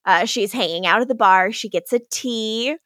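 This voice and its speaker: In a fairly high, slightly bright voice, a woman co-hosts a podcast and recaps a TV episode at a normal pace in casual chat. She laughs often and acts out the characters' lines, and the studio sound is clean with no echo.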